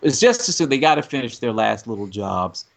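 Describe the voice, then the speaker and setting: A man's voice: medium pitch, big pitch swings, moderate pace, vocal fry. Guy rambling through a movie plot with a buddy, casual podcast talk. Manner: long rambling plot explanations. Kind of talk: casual film discussion.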